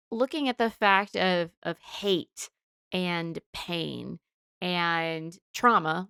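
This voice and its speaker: Woman podcast co-host, analytical and reflective, smooth clear voice, dry close sound. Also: medium pitch, fairly bright tone, no echo. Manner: thoughtful, analytical, with restarts. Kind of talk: casual discussion of comics and psychology.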